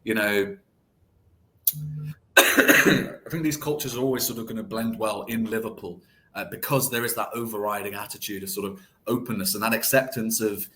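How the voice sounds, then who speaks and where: A man's voice: fairly low pitch, normal speed, pushed and bright. A man answering as a podcast guest, earnest and reflective, often restarting phrases and filling them with "sort of". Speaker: guest, deputy editor of a football site.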